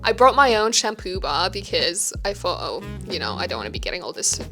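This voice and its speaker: A woman's voice: lowish voice, very animated, brisk, music in the background. A young woman telling a casual vlog story, chatty and self-mocking, swearing freely. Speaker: vlogger. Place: hotel room.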